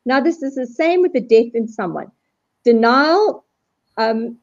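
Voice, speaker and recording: A woman speaking as a guest in a live video call discussion, animated and acting out quoted voices as she explains. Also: a little high, a little slow. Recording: dull lo-fi video call audio.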